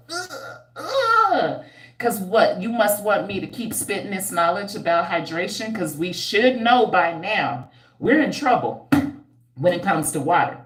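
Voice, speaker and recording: Hosting a casual livestream, this hair care entrepreneur speaks in a lowish voice with a roomy sound. She's blunt, teasing, and slangy, animated and preachy, breaking into squeals and laughter over viewer comments.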